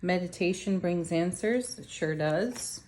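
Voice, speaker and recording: A woman's voice: fairly low pitch, a little slow, darkish tone, slight background noise. A woman reading tarot cards to her viewers in a casual, chatty, upbeat way. She laughs often and talks straight to her audience. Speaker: tarot reader.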